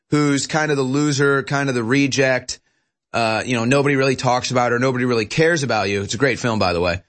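A man hosting political commentary, talking in an animated, mocking way. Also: mid-range voice. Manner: mocking, puts on sneering voices. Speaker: host.

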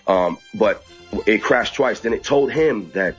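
A man telling an interviewer an animated, excited account, often mimicking people in high, squeaky voices. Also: unhurried, muffled recording, soft background music. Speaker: activist guest. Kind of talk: casual storytelling interview.

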